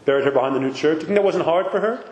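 A man's voice: fairly high pitch, rapid-fire, darkish tone. A man giving a conversational sermon as a priest, speaking emphatically and asking his listeners many rhetorical questions. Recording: echoey hall with faint background noise.

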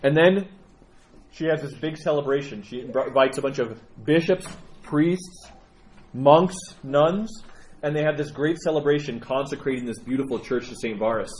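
A middle-aged man leads a storytelling lesson and retells a saint's legend in an animated way, with many fillers. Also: a little high. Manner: animated, with frequent fillers and restarts. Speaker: religious teacher.

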